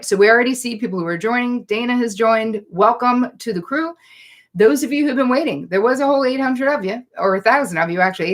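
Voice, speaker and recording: A woman's voice: medium pitch, a bit bright. A woman psychotherapist hosting a live online Q&A, talking in a chatty, direct way and reading viewer comments aloud. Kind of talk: live-streamed Q&A, casual and direct.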